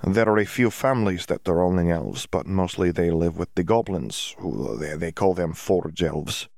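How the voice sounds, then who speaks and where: A man reading aloud and voicing an awkward, cheerful young wizard from abroad who speaks halting, broken English and stammers while hunting for words. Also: deep voice, gravelly, darkish tone, no echo, studio quality. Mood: earnest.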